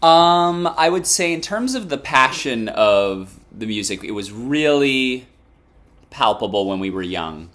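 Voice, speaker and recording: A man's voice: mid-range voice, big pitch swings, unhurried, fairly bright tone. A young man in a band, casually reading out fan questions and answering them in a playful, chatty way. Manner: playful, reads fan names and questions aloud. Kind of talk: casual interview chat.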